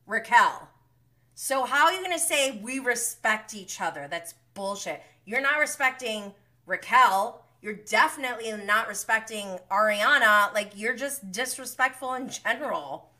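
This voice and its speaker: A woman hosts a live TV recap in a casual, animated way, peppering her talk with "like". Her voice is bright and sharp-edged, and she sounds openly indignant as she comments. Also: on the high side, a little slow. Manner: animated, indignant, frequent filler "like". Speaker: recap show host.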